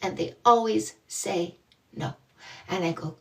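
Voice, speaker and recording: A woman's voice: mid-range voice, big pitch swings, takes it slowly, distant mic. A woman from Canada, a dating coach, chatting casually and bubbly with viewers on a livestream, often laughing.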